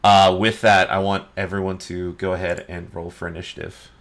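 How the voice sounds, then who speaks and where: Guy dm narrating a tabletop game, low voice, lots of uh's, easygoing. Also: moderate pace, gravelly. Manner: relaxed, explains rules with frequent "uh". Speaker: dungeon master.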